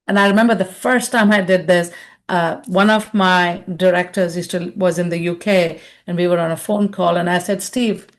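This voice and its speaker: A woman's voice: on the low side, fairly even intonation, moderate pace. A woman leadership consultant giving a webinar, telling personal stories in a chatty way and often tagging her sentences with "right?". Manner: chatty storyteller, tags lines with "right?".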